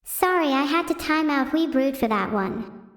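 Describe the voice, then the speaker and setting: A high-pitched synthetic female voice delivers deadpan stand-up while talking to her chat, self-centered and dry. It rings in an echoey room with a long reverb tail. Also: normal speed. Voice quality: synthetic text-to-speech voice. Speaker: AI VTuber streamer. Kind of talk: stand-up comedy livestream.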